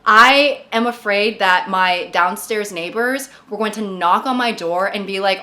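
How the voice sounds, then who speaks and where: A woman's voice: medium pitch, unhurried, few pauses, pushed and bright. Rambling, jokey woman vlogger. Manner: rambling, jokey, self-deprecating. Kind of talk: casual chat.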